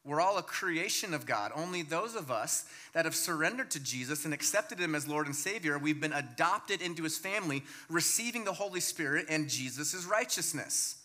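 A man preaching a sermon as pastor, emphatic and swinging between loud points and hushed low lines. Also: expressive, moderate pace, few pauses.

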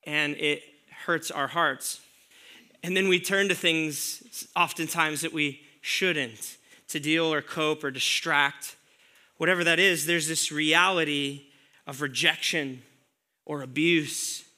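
A man preaching a sermon to a congregation, conversational and earnest, asking the listeners rhetorical questions and dropping soft on key words. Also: on the high side, fairly even intonation, slow. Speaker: pastor.

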